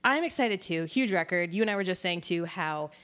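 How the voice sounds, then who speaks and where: A woman hosts a podcast in a loose, casual chat. She speaks in a slightly low voice, laughs often and tosses in quick asides as she talks. The tone stays relaxed and conversational. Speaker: podcast host.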